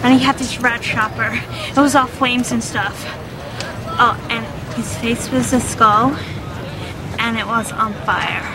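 Brief: actress as a gushing TV eyewitness, somewhat high voice, film clip in a noisy street. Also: female voice, fairly even intonation, unhurried, natural voice. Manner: gushing, breathless rambling. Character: chatty excited woman eyewitness on TV. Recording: film clip with loud music and crowd.

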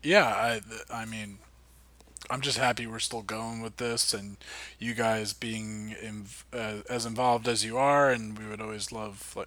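A man's voice: on the low side, fairly bright tone, no room sound. A man co-hosting a podcast, rambling a little and repeating words as he thanks listeners. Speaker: podcast co-host. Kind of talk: casual podcast outro chat.

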